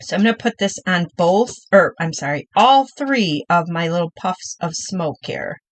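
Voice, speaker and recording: A woman's voice: on the low side, animated, moderate pace, no room sound, low-quality recording. A middle-aged woman hosting a live crafting demo, chatty and upbeat, talking through each step while she works.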